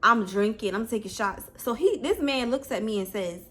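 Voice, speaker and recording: A woman's voice: a little high, expressive, normal speed, a bit bright. A woman vlogger telling a personal story in a casual storytime video, blunt and candid.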